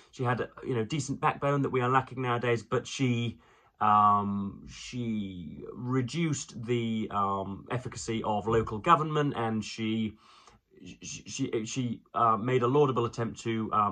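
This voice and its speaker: A man giving a casual spoken book review, wordy and ornate, often pausing and restarting mid-phrase. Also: medium pitch, bright, forceful tone.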